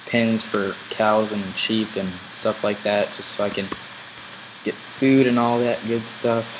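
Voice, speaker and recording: A man's voice: lowish voice, background noise. A man casually commenting while he plays a game, thinking aloud as he goes. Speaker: gameplay video host.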